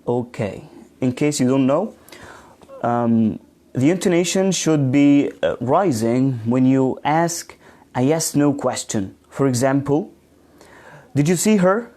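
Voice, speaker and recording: Slow, mellow-voiced man teaching online. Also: mid-range voice. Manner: slow, with frequent ums and restarts, reads out viewer comments. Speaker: English teacher trainer. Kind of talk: live online teaching session.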